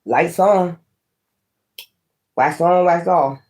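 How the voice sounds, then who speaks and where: A man's voice: sits high, a little mellow. A man reading tarot in a casual, rambling vlog chat, talking while he chews. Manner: chatty, slow and rambling, talks while chewing. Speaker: tarot reader.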